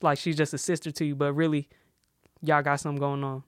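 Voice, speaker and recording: Young guy yapping slangy stories, kinda high voice, smooth and clear, dry room. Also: flat delivery, quick pace, no echo. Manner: slangy storytelling, laughs often. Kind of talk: casual chat.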